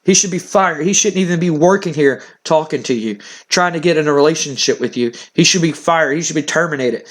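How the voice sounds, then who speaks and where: A man's voice: a little high, fairly quick, hardly any pauses, close to an everyday voice. A man voicing a domineering, stubborn wrestling boss scolding his daughter in a stern tone. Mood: angry.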